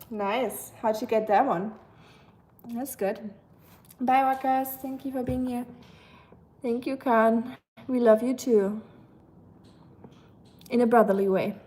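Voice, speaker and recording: A woman's voice: on the high side, slow, long pauses, mellow. Tired German woman chatting on stream. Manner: chatty, rambling with many fillers. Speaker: livestream host. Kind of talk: casual livestream chat reading comments.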